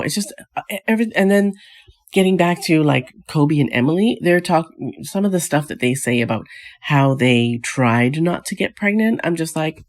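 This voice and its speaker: A woman's voice: deep voice, moderate pace, darkish tone. A woman hosting a casual vlog. She rants with exasperated, scoffing rhetorical questions and rambles with frequent restarts. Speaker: vlog host. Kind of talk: casual reality TV recap commentary.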